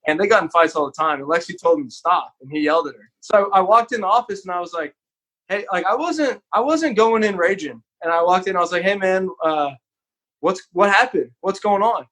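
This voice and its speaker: A man's voice: high voice, fast talker, bright, forceful tone. A man from Texas, a podcast guest, telling an earnest, candid story in a casual, conversational way.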